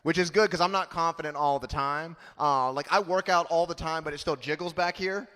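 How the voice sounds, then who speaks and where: A man's voice: on the high side, a little fast, fairly bright tone, long reverb tail. A man in his thirties doing a punchy, self-mocking stand-up comedy set on a club stage. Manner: punchy, self-mocking delivery with acted-out quotes.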